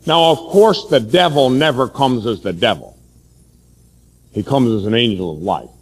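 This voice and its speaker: A man, a Catholic priest, preaching a sermon forcefully, telling stories from his own life. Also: medium pitch, animated, moderate pace, in a large hall.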